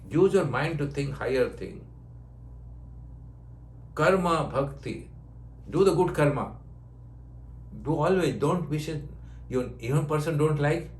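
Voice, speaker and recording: An older man gives an informal spiritual talk, speaking in short, repeated phrases of broken English and laughing easily. His voice sits at a middle pitch. The room is echoey, with a faint hum underneath. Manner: non-native English with broken grammar. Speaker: yoga teacher giving blessings. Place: ashram.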